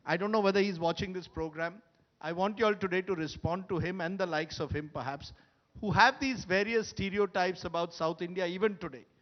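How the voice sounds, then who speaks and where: Brief: high-pitched male moderator, brisk, dull lo-fi hall audio. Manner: brisk, keeps pushing for quick answers. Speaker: panel moderator. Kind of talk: moderating a conference panel. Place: conference hall stage.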